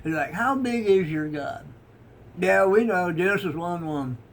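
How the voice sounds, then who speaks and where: A man's voice: high voice, lively intonation, measured pace, a little hiss or hum. A middle-aged man giving a folksy, rambling devotional talk, chuckling at himself. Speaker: online devotional host.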